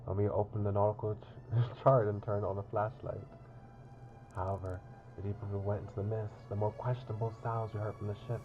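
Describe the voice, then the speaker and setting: A man's voice: on the low side, little pitch movement, fast talker, narrow, tinny audio, faint music behind. A man reading through a visual novel on stream, narrating and chatting about it in a rambling, casual way with lots of fillers. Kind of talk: casual game commentary and narration.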